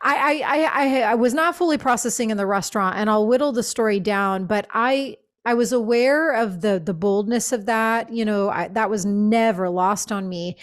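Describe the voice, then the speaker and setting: A woman's voice: on the high side, normal speed, hardly any pauses. A woman, a shaman and podcast guest, telling her story in an earnest, reflective way with many fillers and restarts. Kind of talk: conversational interview storytelling.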